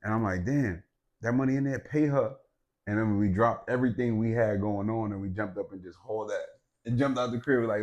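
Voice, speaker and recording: A man telling a personal story in casual chat, animated, swearing and laughing, swinging from loud outbursts to low, quiet stretches. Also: brisk, muffled recording. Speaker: podcast co-host.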